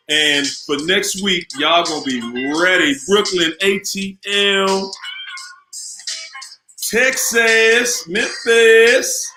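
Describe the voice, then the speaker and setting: A man from the Washington, D.C. area hosting a casual live online show, chatty and upbeat as he shouts out viewers by city. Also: sits high, roomy sound, low-quality recording. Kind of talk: casual live-stream chat.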